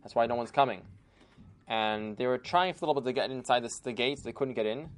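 Animated male storyteller. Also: medium pitch, quick pace. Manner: animated, lively retelling with sudden bursts. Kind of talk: oral storytelling.

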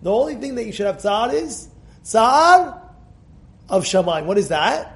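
A rabbi teaching an informal class. He repeats himself often, and he swings from quiet storytelling to loud, emphatic outbursts. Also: high-pitched, measured pace, creaky. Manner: animated and emphatic, repeats words and phrases. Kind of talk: informal Torah lesson.

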